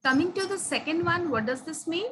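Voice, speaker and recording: A woman's voice: very high-pitched, lively intonation, a little fast, a bit bright, slight background noise, rough recording. A woman teaching grammar to students, patient and questioning, stressing key words.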